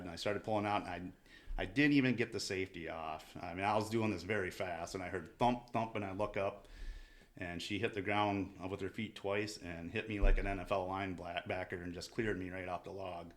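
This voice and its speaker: A man with a very low voice tells a story from the field as a podcast guest. He talks in a relaxed, halting way and often restarts his sentences. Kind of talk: casual storytelling.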